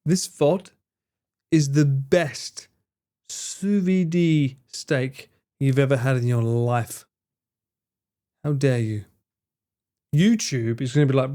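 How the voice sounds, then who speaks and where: A man's voice: mid-range voice, fairly even intonation, slow, pauses often, mellow. A young man livestreaming, casually bantering with his chat in a playful, sweary, teasing way. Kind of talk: casual chat with live stream viewers.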